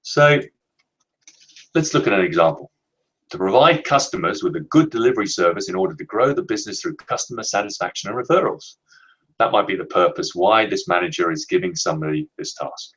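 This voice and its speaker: A man presenting a leadership training webinar, explaining in a measured, emphatic way and slowing down to stress key words. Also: on the low side, expressive, fairly bright tone, poor audio.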